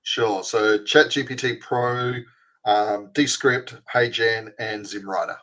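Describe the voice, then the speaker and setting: A man with a non-American English accent in a casual panel chat, relaxed and easygoing. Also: fairly low pitch, takes it slowly, poor audio.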